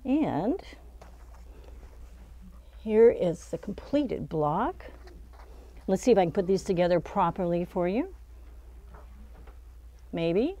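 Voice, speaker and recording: A woman's voice: on the low side, very animated, takes it slowly, pauses often, mellow. A middle-aged woman teaching a quilting pattern in a casual, chatty demonstration, talking through each step and laughing at her own slips in a shop studio. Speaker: quilting instructor.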